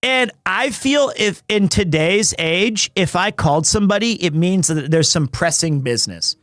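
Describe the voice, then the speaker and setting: A man's voice: sits high, animated, normal speed, a bit bright, dry recording. A man in his thirties chatting casually on a live stream, rambling, restarting his sentences and chuckling as he jokes. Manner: rambling, self-interrupting, chuckles often; jokey and teasing.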